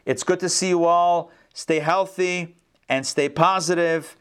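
A man teaching an online class, telling stories with lively acted-out voices over a video call. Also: fairly high pitch, a little slow, clear, resonant tone. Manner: animated storyteller, acts out the characters. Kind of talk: casual lecture with storytelling.

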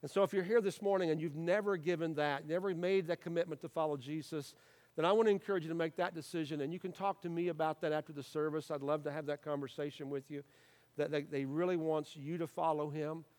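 A man's voice: on the high side, fairly even intonation, fast, a little mellow. A middle-aged man, a pastor giving an earnest, encouraging sermon with frequent fillers and restarts.

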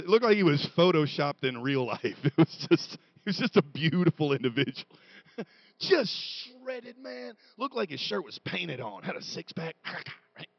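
A man preaching a comedic sermon, telling stories with animated quoted voices and building to shouts. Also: on the high side, no room sound, dull audio.

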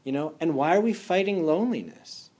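A man's voice: a little high, lively intonation, a little fast, a little mellow. A man, an energy healer, giving a casual motivational talk, earnest and full of rhetorical questions and fillers.

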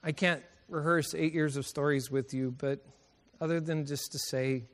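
A man's voice: a little high, fairly even intonation, normal speed. A middle-aged male preacher telling personal stories in a sermon, emotional and laughing often as he goes. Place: college chapel. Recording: chapel recording with long reverb.

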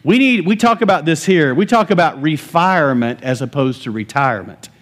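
Male pastor, sermon, fairly high voice, animated, laughing, emphatic, church stage mic. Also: brisk. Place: church sanctuary.

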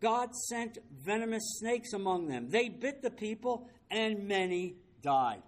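A man's voice: high-pitched, big pitch swings, unhurried. A man leading a Bible study, speaking emphatically, repeating key phrases and asking rhetorical questions, with the odd wry aside.

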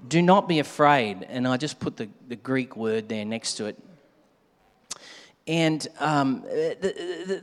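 A man preaching a sermon, animated, at times shouting to act out a scare and dropping to a hush. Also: medium pitch. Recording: long hall reverb.

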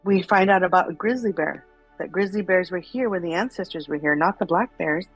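Woman storyteller, casual and animated, with faint background music. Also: fairly low pitch, brisk, slightly rough, rough recording. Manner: animated, chatty, many fillers.

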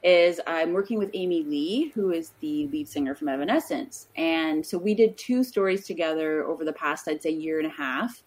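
Husky-voiced woman telling stories on a podcast. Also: sits low, moderate pace, hardly any pauses, a little mellow. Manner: chatty, many ums and restarts. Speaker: guest author. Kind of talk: casual interview storytelling.

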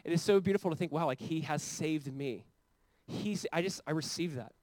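A man's voice: on the high side, normal speed, a little mellow, no echo. A man preaching a sermon as pastor, talking conversationally and building to fervent emphasis.

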